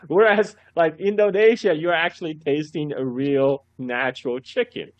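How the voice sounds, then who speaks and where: A man as a guest on a casual podcast conversation, telling stories in an animated way, laughing often and repeating his words as he goes. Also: fairly high pitch, unhurried, no echo, lo-fi sound. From China. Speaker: guest commentator.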